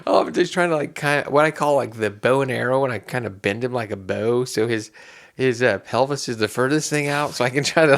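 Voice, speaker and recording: A man's voice: medium pitch, fairly quick. A man co-hosting a podcast in casual chat, telling a rambling story with many restarts and bursts of laughter. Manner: animated when acting out scenes. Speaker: podcast co-host.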